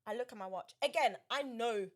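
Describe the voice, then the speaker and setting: A woman co-hosting a podcast in casual chat, telling a story with lively acted-out quotes. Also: on the high side, a little fast. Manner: animated storytelling, acts out quotes. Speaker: podcast co-host.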